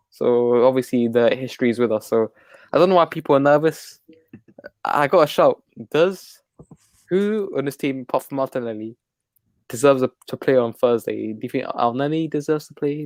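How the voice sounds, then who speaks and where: A man joins a casual football fan chat as co-host, his talk easygoing and unhurried in manner. His voice is dry and close with no room sound around it. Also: mid-range voice, darkish tone, no echo.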